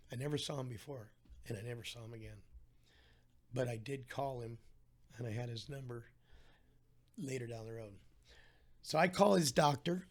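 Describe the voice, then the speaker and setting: A man's voice: medium pitch, vocal fry. A middle-aged man telling his own weight-loss story in a casual interview, acting out the voices of people he quotes.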